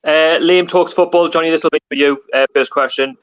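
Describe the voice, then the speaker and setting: A man's voice: a little high, fairly even intonation, fairly quick. A man hosting a casual live stream, chatting with guests and reading out viewer comments. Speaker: livestream host. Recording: dull lo-fi stream audio.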